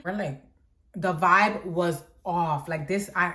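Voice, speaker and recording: A woman's voice: lowish voice, a little slow, pushed and bright. A young woman vlogger telling a storytime tale in a chatty, dramatic way, full of fillers like "like". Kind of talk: storytime vlog.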